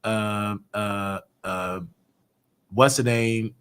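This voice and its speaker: A man's voice: fairly low pitch, very slow, clear, resonant tone. A man hosting a call-in live stream from his own show, telling stories in a loose, slangy way and acting out the other people's voices. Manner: animated storyteller, slangy, acts out quotes. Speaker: host of a YouTube talk show.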